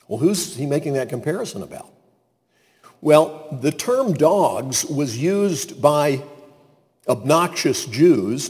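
Slow, husky-voiced man preaching. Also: fairly high pitch, long reverb tail. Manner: slow, emphatic reading with wide swings in loudness. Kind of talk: sermon with scripture reading.

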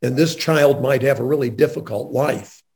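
Gravelly earnest man interviewing. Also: mid-range voice, normal speed, a little mellow. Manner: earnest and emphatic, with restarts. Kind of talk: faith-based conversational interview.

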